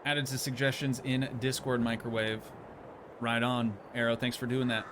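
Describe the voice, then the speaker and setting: Male game streamer, casual, jokey, mid-pitched, light background noise. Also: flat delivery, normal speed. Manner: chatty, joking, reads and answers chat messages. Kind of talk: casual live-stream chat while playing.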